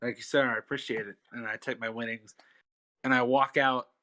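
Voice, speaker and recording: A man's voice: medium pitch, flat delivery, brisk, sharp tone. A man playing a tabletop game, describing his character's actions in a laid-back, hesitant way. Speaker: player. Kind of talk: casual tabletop play.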